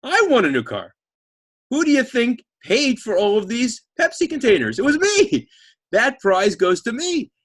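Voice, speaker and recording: A man's voice: very high voice, wildly swooping pitch, normal speed, a bit bright, slightly rough, voice pushed up, full character voice. A man voicing a middle-aged father who is hosting a wedding and speaks firmly.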